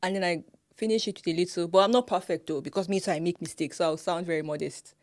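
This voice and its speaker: A woman with a Nigerian accent talks in casual podcast chat, her voice sitting a little low. She is animated, laughs often and imitates how people pronounce words. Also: fast. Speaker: podcast co-host.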